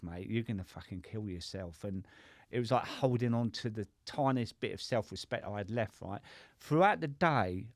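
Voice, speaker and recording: A man's voice: fairly low pitch, no echo, studio quality. A middle-aged man, a guest on a podcast, telling his story in a chatty, sweary way and often asking "right?". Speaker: sobriety coach and podcast guest. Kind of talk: casual conversational storytelling.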